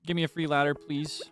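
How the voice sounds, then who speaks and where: A man's voice: fairly high pitch, a bit bright. A young man streaming a game, chatting casually and nervously, scolding monsters on screen and laughing at himself. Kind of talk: casual gameplay commentary. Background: game music.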